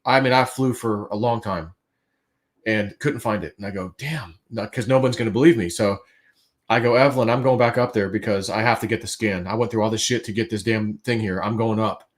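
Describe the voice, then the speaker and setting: A man on a livestream telling a story casually, acting out his own quotes and swinging between hushed and loud. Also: fairly low pitch, a little fast. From United States.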